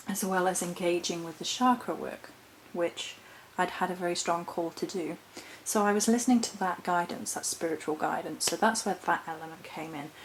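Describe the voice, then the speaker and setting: A witch vlogger reflects on her spiritual practice in a thoughtful, wandering way, stopping now and then to correct herself and laugh. Her voice is fairly low, and the poor audio carries a little hiss or hum.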